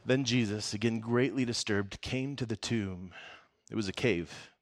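Joking, conversational man preaching, low-voiced. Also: a little slow. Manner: conversational and joking, breaks into laughter; swings from soft, low passages to loud emphasis. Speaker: pastor. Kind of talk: casual sermon with Bible reading.

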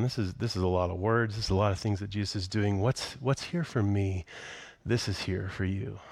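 A middle-aged man preaching a sermon in a conversational way, dropping to hushed whispers on key phrases. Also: on the low side, no room sound. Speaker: pastor.

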